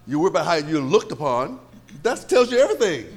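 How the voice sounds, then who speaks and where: A man's voice: fairly high pitch, big pitch swings, quick pace. A man preaching a sermon as pastor, firing rhetorical questions at the congregation.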